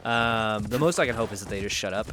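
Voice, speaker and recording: A man's voice: fairly low pitch, quick pace, a bit bright, a little hiss or hum. A young man chatting casually as a streamer while he plays a game, rambling and swearing freely. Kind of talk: casual gameplay commentary.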